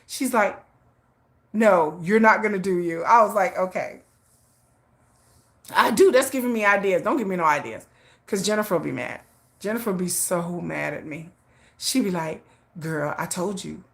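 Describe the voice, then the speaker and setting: A woman hosting a casual livestream, telling stories with lively swings in her voice, acting out her friend's lines and answering viewer chat. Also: fairly low pitch, moderate pace, gravelly, long pauses. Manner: animated storytelling, acting out a friend's lines, frequent laughs. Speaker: livestream host.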